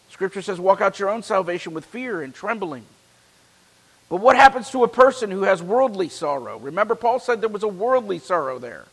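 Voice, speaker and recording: A man with a fairly high voice preaches a sermon in a church, and his words ring out with a long hall reverb. He reads scripture with strong emphasis, then slips into easygoing, joking asides with the congregation. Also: expressive, normal speed, a bit bright. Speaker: pastor.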